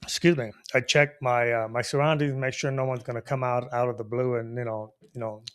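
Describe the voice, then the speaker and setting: Man telling a bar story, animated. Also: mid-range voice, a little fast, clear, resonant tone. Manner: animated, laughing, repeats "you know what I mean". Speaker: storyteller host. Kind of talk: casual storytelling to an audience.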